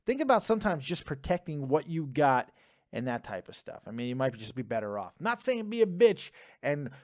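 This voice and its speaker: Brash, animated podcast host man. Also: on the high side, brisk. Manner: brash, profane, animated ranting. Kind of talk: call-in podcast chat.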